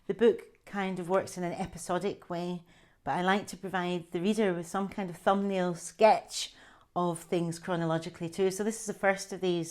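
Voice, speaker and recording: A woman in her sixties, an author introducing and reading from her memoir in a gentle, reflective way. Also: lowish voice, fairly even intonation, moderate pace. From Scotland. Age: 60s.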